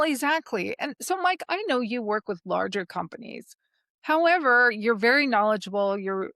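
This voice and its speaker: Woman, medium pitch, dry recording, chatty interview host. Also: dry recording. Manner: chatty, animated, tells anecdotes. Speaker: podcast host. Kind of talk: casual interview chat.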